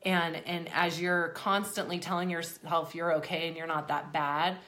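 A woman's voice: fairly low pitch, flat delivery, normal speed, fairly bright tone. A young woman, slightly out of breath, talking in a chatty, rambling way with many asides as host of a motivational talk. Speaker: host of an exercise program for people with MS.

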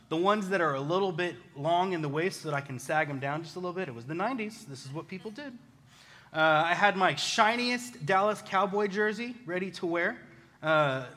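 Bright-voiced man telling a self-deprecating story. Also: on the high side. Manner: self-deprecating, chatty, animated. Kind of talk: casual personal storytelling.

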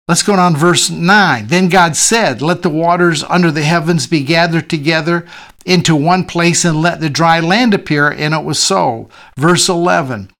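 A man's voice: fairly high pitch, a bit bright. A man as pastor preaching a sermon, reading scripture aloud and then teaching from it with frequent restarts.

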